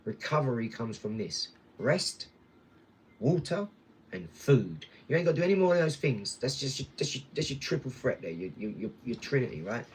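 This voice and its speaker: A blunt man talks loosely and directly to the camera, vlog style, with faint noise behind him. His speech rambles from point to point and often turns to the viewer with quick tag questions. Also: mid-range voice, sing-song, rough recording. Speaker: vlogger. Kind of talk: casual rambling vlog talk.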